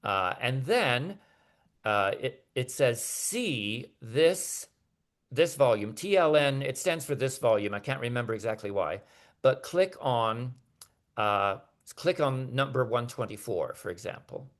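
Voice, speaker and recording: A man's voice: medium pitch, animated, measured pace, fairly bright tone. A man giving an academic lecture over a video call, talking hesitantly with many fillers and restarts.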